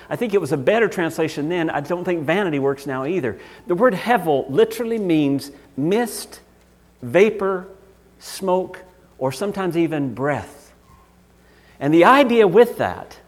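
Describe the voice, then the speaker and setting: Animated Southern pastor preaching. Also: male voice, fairly high pitch. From Southern United States. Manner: conversational preaching, animated and emphatic. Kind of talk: sermon.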